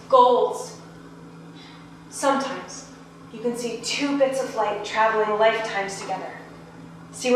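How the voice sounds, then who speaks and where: An actress playing a playful ghost woman who lectures breezily and turns hushed and hypnotic, in a stage play. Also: on the high side. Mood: hushed, dreamy. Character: playful dreamy ghost woman, self-styled genius. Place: small theater stage. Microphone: distant room mic. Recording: echoey stage from far off, hum.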